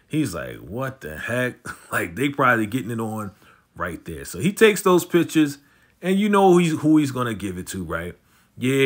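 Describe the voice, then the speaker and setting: Animated man recapping a TV episode. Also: medium pitch. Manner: animated, slangy storytelling, often fast. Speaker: YouTube show recapper.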